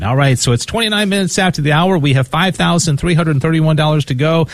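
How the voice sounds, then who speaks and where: A man's voice: on the high side, quick pace, few pauses, dry recording. A man co-hosting a radio pledge drive, reading out the pledge number and leading a prayer. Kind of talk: on-air fundraising and prayer. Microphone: studio microphone.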